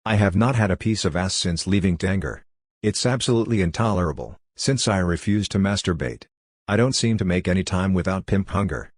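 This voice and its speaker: A man giving an audiobook reading of letters in a steady, even tone. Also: low voice, fairly quick, no room sound, studio quality. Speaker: reader.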